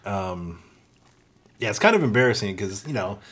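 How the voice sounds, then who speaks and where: A man in his forties, co-hosting a casual podcast chat, talking in a sheepish, halting way and repeating words. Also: on the low side, animated, a bit bright, slightly rough. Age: 40s. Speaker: podcast co-host.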